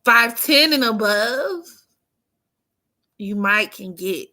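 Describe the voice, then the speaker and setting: Hosting an astrology livestream, this woman keeps things casual and playful, teasing her audience, laughing frequently, and at moments lowering her voice almost to a whisper. She speaks slowly, with a fairly high, sharp, animated voice.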